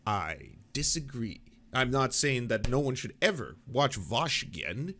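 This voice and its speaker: A man hosts a political reaction show, talking in a bright, forceful voice. He swears freely and mocks himself as he riffs. His tone is loose and animated. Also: mid-range voice, measured pace. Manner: animated, profane, self-mocking, switches into mock voices. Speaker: host of a political commentary show. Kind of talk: casual reaction commentary.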